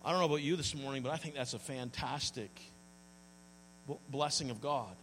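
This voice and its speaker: A man's voice: medium pitch, a little fast, fairly bright tone. A man preaching a sermon as pastor, earnest and folksy, often stumbling and repeating words. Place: church hall. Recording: long hall reverb, mains hum.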